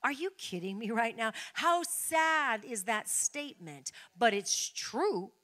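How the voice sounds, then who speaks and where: A woman pastor preaching a sermon, moving from quiet, conversational talk to loud, fervent exclamations. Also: on the high side, lively intonation, takes it slowly. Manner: builds from quiet talk to loud, shouting praise.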